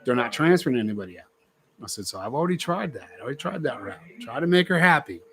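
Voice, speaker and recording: A man's voice: mid-range voice, big pitch swings, fast talker, crowd noise. A middle-aged man telling a story in casual chat, acting out quoted voices and laughing often.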